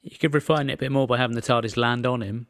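A man co-hosting a podcast, chatting casually and throwing in quick jokes. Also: medium pitch, steady tone, fairly bright tone, no echo, studio quality. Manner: joking, quick quips. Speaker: podcast co-host.

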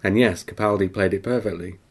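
A man with a fairly low voice hosts a casual podcast and reads a listener email out loud. He keeps it chatty and breaks off for dry, self-mocking asides and quick laughs. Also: breathy edge. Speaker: podcast host.

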